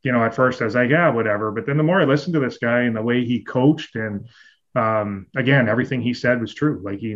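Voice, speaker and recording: A former hockey player, a man, talks fast and casually, leaning on fillers. The recording sounds dull and lo-fi. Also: mid-range voice. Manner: quick, chatty, full of fillers. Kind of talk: casual chat.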